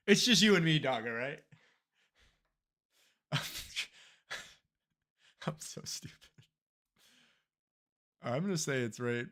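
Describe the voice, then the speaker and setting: A young man streaming himself playing a geography guessing game, excitable and swearing freely, with loud outbursts. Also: mid-range voice, slow pace, long pauses. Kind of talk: live-stream reaction commentary.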